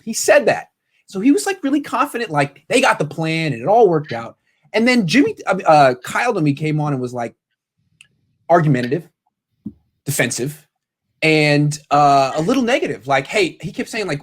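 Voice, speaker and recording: Man, sports talk host, casual, lively delivery, voice a bit high. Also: normal speed. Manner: animated, quotes people in paraphrase.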